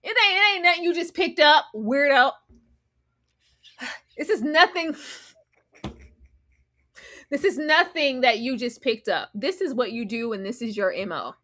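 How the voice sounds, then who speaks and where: A woman giving casual, slangy commentary as a reality TV reviewer, animated and sassy, with sudden loud outbursts. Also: high voice, unhurried, long pauses.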